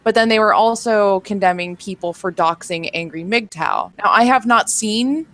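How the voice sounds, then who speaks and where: A woman in casual group voice chat who talks blunt and quick and swears heavily. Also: mid-range voice, fairly bright tone. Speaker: livestream guest.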